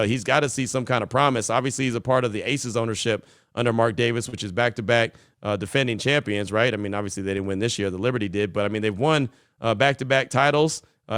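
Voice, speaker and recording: A man hosting a sports call-in podcast, talking fast and chatty as he answers callers and reads texts. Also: medium pitch, a bit bright, smooth, dry recording, studio quality. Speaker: podcast host.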